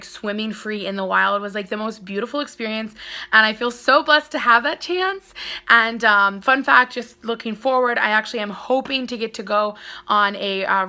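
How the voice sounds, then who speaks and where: A woman's voice: on the high side, bright, forceful tone. A young woman author telling a casual story-time vlog, gushing and full of filler words. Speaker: author and vlogger.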